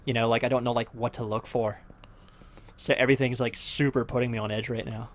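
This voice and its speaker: A young man hosts a let's play, nervously rambling and muttering to himself as he works through a horror game in casual commentary. His voice sits at medium pitch with a level tone and a slightly quick pace.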